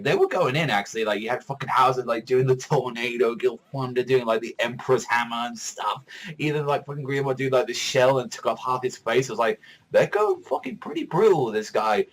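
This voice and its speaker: A young man giving a casual manga chapter review, excitable and rambling, swearing freely. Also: medium pitch, rough recording. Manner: profane, excitable, rambling with many fillers.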